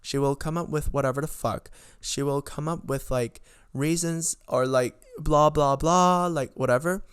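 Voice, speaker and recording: A man's voice: medium pitch, moderate pace, clear, resonant tone, dry recording. Fired-up young man ranting, dry sound. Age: young adult. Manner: animated, swearing, frustrated rambling with many fillers. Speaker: podcast host. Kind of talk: casual storytime rant. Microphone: own camera recording.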